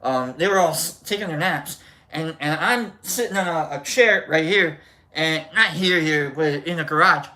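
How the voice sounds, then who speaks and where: Bright-voiced rambling live stream host. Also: mid-range voice, normal speed. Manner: rambling storyteller, greets chat viewers. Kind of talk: casual live stream chat.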